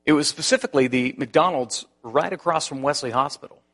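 Bright-voiced preacher telling a story. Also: male voice, on the high side, fairly quick. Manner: animated storytelling with many restarts. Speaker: pastor. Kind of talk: sermon.

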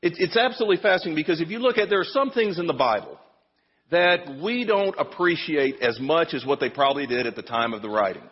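Middle-aged guy preaching, husky voice, dull sound with long hall echo, loose storytelling. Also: a little high, expressive, quick pace. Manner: storytelling, self-deprecating. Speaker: pastor. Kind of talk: sermon. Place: church.

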